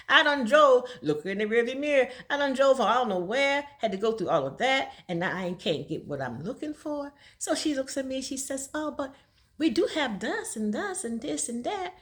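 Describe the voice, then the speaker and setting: Middle-aged woman vlogger, animated storyteller, high-ish voice with wide swings, laughs a lot. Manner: animated, laughs often, folksy slang. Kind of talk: casual storytelling monologue.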